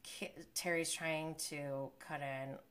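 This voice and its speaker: A woman recapping reality TV in a casual reaction vlog, exasperated and animated, saying "effing" in place of swear words. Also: low voice, takes it slowly. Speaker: vlogger.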